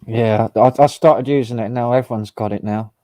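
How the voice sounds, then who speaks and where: A man's voice: mid-range voice, fairly even intonation, moderate pace, a little hiss or hum. A man hosting a live stream, chatting casually in a laid-back, dry way.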